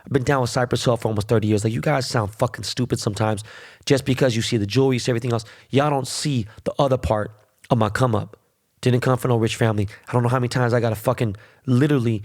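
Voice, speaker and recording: A man's voice: fairly low pitch, a little mellow. A middle-aged man hosting his own podcast alone, ranting in a profane, boastful way. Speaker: podcast host. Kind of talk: solo podcast monologue.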